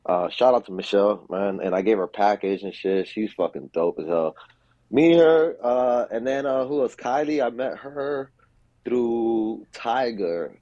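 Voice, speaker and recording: A man's voice: on the low side, animated, measured pace, mellow, dry recording, lo-fi sound. A man on a podcast telling stories in a casual, profane, slangy way and acting out what people said. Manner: profane, slangy, acts out quotes. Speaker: podcast guest, skater. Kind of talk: casual storytelling.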